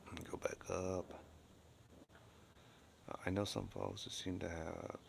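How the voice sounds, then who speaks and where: A middle-aged man talks from home on a live stream, reading his chat aloud and answering it bluntly. His voice sits very low and has a gravelly, fry-heavy edge. He rambles and restarts as he airs his opinions. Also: level tone, unhurried, slight background noise.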